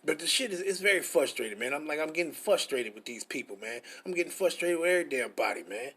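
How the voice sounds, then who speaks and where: A man's voice: fairly high pitch, animated, fast talker, sharp tone, breathy edge. A middle-aged man, teaching scripture in a frustrated, profane, repetitive way. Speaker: preacher.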